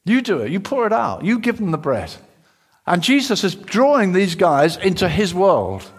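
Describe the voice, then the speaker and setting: A middle-aged man preaching a sermon, dramatic, swinging between loud, urgent passages and hushed ones as he acts out a story. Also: sits high, big pitch swings, moderate pace, husky.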